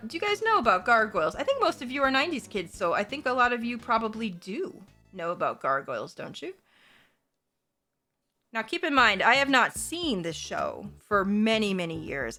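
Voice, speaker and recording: Casual woman streamer, bright voice with a lively pitch, swears a lot, quiet music under her. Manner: animated, profane, playfully gushing. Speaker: livestreamer. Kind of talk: casual livestream chat.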